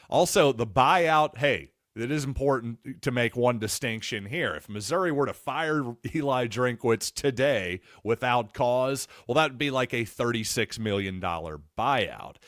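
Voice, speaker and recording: A man's voice: mid-range voice, a bit bright, no room sound, clean studio sound. A man hosting a sports podcast, talking casually in a wry, digressive, self-deprecating way. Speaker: podcast host.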